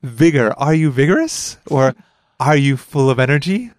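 Male lesson host, relaxed and chatty, dry studio read. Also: normal speed, dry recording. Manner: chatty, laughs easily, explains pitch accent. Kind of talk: casual lesson podcast.

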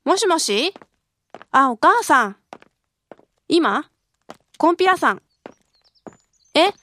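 A woman's voice: high-pitched, sing-song, unhurried, sharp tone, a little hiss or hum, full character voice. A woman playing a young woman chatting casually on the phone in a scripted language-course dialogue.

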